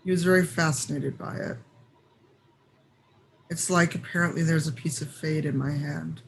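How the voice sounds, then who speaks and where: A man's voice: fairly high pitch, steady tone, moderate pace, creaky, slight background noise, low-quality recording. A man voicing a weary, guarded Inquisitor in a fantasy tabletop game, speaking formally and with reserve. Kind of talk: in-character tabletop role-play.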